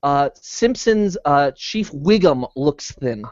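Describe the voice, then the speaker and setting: A man's voice: on the high side, lively intonation, takes it slowly, a little mellow, no room sound, dull audio. A man joking and laughing often in a casual group chat over an online call. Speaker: chat participant.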